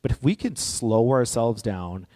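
A man's voice: mid-range voice, animated, measured pace. Earnest man in a reverberant hall. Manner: earnest, personal, gently encouraging. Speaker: speaker on grief and healing. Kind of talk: reflective spoken talk.

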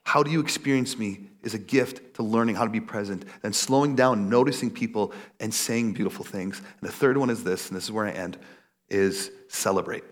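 A man in his thirties preaching a casual, animated sermon, acting out little quotes. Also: a little fast. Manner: animated, acts out quotes in a high voice. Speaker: pastor.

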